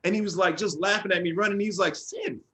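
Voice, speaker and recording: A man who is a former football player, telling stories as an interview guest in a relaxed, animated way. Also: high voice, fast. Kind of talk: casual storytelling.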